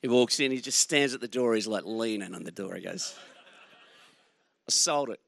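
A man's voice: on the low side, brisk, gravelly, a bit bright, dry recording. A man in his forties with an Australian accent, preaching as a guest speaker in a conversational storytelling way, chuckling through his anecdotes. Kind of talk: sermon with personal storytelling.

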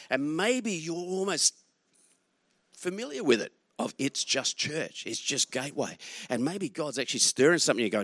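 A man's voice: a little high, very animated, moderate pace, a bit bright, no echo. A man in his forties with an Australian accent, preaching as a guest speaker in a conversational storytelling way, chuckling through his anecdotes. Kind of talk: sermon with personal storytelling.

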